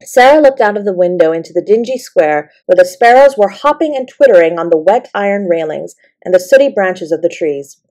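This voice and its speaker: A woman narrating a bedtime story in a gentle, expressive way. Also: on the low side, brisk, few pauses. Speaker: audiobook narrator.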